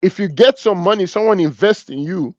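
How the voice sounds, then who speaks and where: A man with a Nigerian accent giving a humorous, animated business talk, joking and teasing as he tells stories. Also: high voice, a little fast, no room sound, highs cut off. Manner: animated and joking, laughs at his own stories. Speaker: business speaker.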